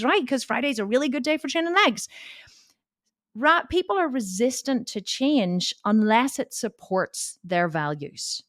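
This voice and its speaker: A woman fitness coach telling a personal story to camera in a candid, animated way, swearing freely. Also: fairly high pitch, dry recording, studio quality.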